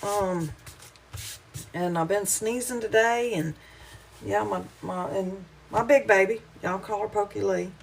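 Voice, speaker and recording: Southern lady cooking live in her kitchen, slow and rambly, calls everyone y'all, bit wheezy, faint hiss behind. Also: medium pitch, gravelly, low-quality recording. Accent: Southern American. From Southern United States. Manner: chatty, rambling, homey, addresses viewers as y'all. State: wheezing, hay fever. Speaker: cooking livestreamer. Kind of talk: casual cooking livestream chat. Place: home kitchen.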